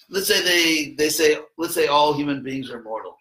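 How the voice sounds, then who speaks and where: A man's voice: on the high side, lively intonation, a little fast, reverberant, background noise. A man giving an informal classroom lecture in a rambling, conversational way, with wry asides.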